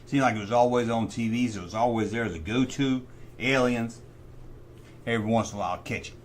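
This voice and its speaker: A middle-aged man with a medium-pitched voice hosts a casual livestream chat, talking fast amid slight background noise. He's animated and opinionated, talking himself through choices as he decides.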